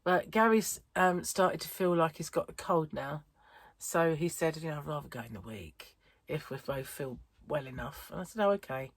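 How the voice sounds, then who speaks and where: The middle-aged crochet vlogger, from the United Kingdom, has a low, expressive voice and speaks at a moderate pace in a dry recording. Her chest is wheezy, and her casual chat is tired, rambling and full of self-interruptions.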